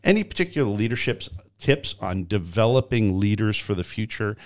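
A man hosting a podcast interview, telling a story in a lively way and acting out the quoted voices. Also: lowish voice, moderate pace. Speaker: podcast host.

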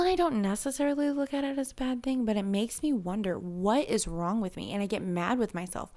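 Woman, 30s, mid pitch with vocal fry, open and emotional conversational read, rambling. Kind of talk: candid personal conversation.

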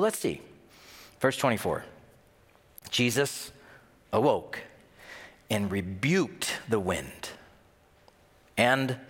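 A man preaching a sermon in an animated way, often acting out the voices of the people he quotes. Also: lowish voice, breathy edge. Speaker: pastor. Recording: long hall reverb.

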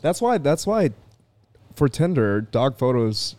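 A man co-hosting a podcast, telling anecdotes in a relaxed, casual way. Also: mid-range voice, slow. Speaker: podcast co-host.

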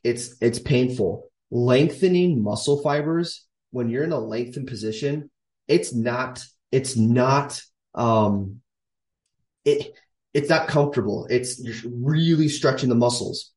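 A man in his thirties gives an emphatic, casual fitness lesson, hammering home his points by saying them twice. His voice is a middle pitch for a man. It reaches the mic from a few steps away, in a roomy, echoing space. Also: slow pace, a little mellow. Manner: emphatic, coaching, repeats key points. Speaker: fitness coach. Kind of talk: casual instructional talk to camera. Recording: echoey room, voice from a distance.

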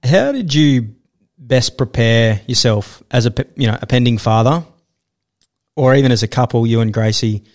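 A man hosting a podcast, asking relaxed, encouraging follow-up questions. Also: mid-range voice, moderate pace. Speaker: podcast host. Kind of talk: conversational interviewing.

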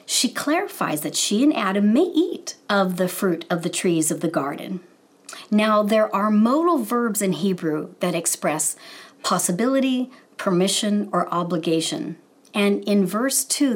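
A woman with a mid-pitched voice teaches a Bible lesson. She speaks in a measured, explanatory way and walks carefully through Hebrew words and their meanings.

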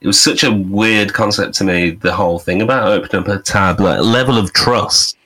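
A very low-voiced man from the UK, talking as a podcast guest over a remote call. He tells loose stories with dry jokes and plenty of swearing, in a relaxed, casual way. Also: normal speed. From United Kingdom. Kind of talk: casual chat. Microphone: remote call mic.

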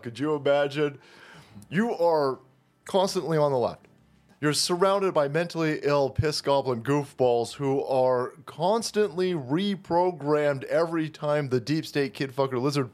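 A man hosting his own channel, delivering a foul-mouthed, mocking political rant. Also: fairly high pitch. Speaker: commentary channel host.

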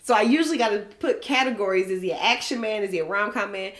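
A young woman co-hosting a podcast in casual chat, animated and often laughing as she rants. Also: medium pitch, fast. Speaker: podcast co-host.

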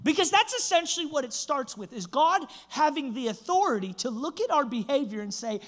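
A man's voice: very high-pitched, a little fast, few pauses. Young guy preaching, jokes on himself, voice jumps all over. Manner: animated, self-mocking storyteller. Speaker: pastor. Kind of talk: sermon with humorous storytelling.

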